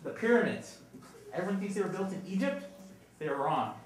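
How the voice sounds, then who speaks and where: A man's voice: high-pitched, lively intonation, fairly quick. A man telling a rambling improv comedy story on stage. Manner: rambling, playful, laughing. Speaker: improv performer. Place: stage with live audience. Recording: echoey room from far off.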